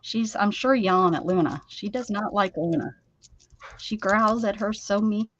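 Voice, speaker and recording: A woman's voice: medium pitch, moderate pace, fairly bright tone, highs cut off, slight background noise. An American woman hosting a craft livestream, chatting casually and teasing while she works, with frequent laughs.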